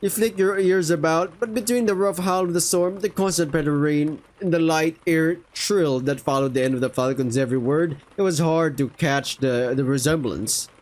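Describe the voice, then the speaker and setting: A man's voice: fairly high pitch, moderate pace, few pauses, darkish tone. A young man reading a visual novel aloud, with casual swearing asides.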